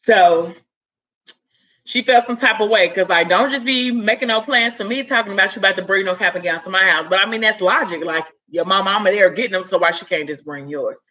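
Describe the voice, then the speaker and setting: A woman's voice: mid-range voice, a little fast, bright, forceful tone. A woman casually retelling a story in a chatty way, full of "like" and "you know", acting out the characters' lines. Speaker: story recapper.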